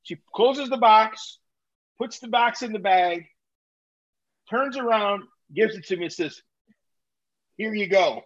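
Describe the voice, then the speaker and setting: A man's voice: high voice, unhurried, pauses often. A man telling a story in casual chat, swearing freely and laughing as he goes. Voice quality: profane, animated, laughs while telling. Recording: slightly muffled recording.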